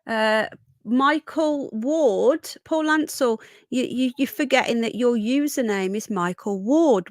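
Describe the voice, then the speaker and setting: A woman's voice: a little high, no echo. A woman hosting a casual livestream, chatting and greeting viewers by name with a runny nose, a bit unwell. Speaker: livestream host. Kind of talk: casual live chat.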